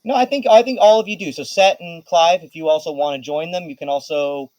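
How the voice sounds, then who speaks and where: A man's voice: fairly high pitch, brisk, darkish tone, no echo, poor audio. A man running a tabletop game as game master, talking hesitantly with many restarts.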